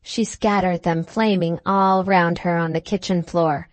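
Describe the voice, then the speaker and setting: A woman reading a classic novel aloud as an audiobook narrator, in a measured, dramatic manner. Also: on the low side, fairly even intonation, dry recording. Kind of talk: scripted narration.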